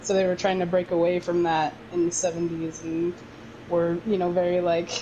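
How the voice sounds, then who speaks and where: A woman's voice: on the low side, monotone, moderate pace, dark tone, muffled recording, a little hiss or hum. A woman co-hosting a casual podcast chat with friends, rambling with lots of fillers and laughs. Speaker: podcast co-host.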